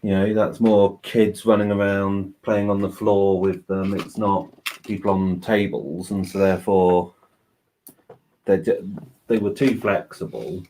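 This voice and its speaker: Faint background noise sits behind this home livestream, where a co-host with a low, mellow voice talks at a measured pace with fairly even intonation. He builds while chatting casually, giving long explanations stuffed with "you know."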